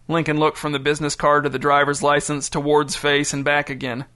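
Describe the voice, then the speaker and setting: Bright-voiced male audiobook narrator. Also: fairly high pitch, completely flat delivery, a little fast. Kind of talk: scripted narration.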